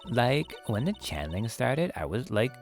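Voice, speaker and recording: A man's voice: medium pitch, big pitch swings, measured pace, faint music behind. Man doing a drawling valley girl witness. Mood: whiny. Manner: drawling with constant "like" fillers. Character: bubbly valley girl witness, young woman.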